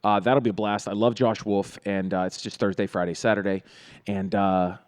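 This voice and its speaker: A man's voice: lowish voice, little pitch movement, moderate pace, darkish tone. A man, a comedian co-hosting a casual podcast, joking and rambling with plenty of fillers as he lists his upcoming shows. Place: studio room in a comedy theater.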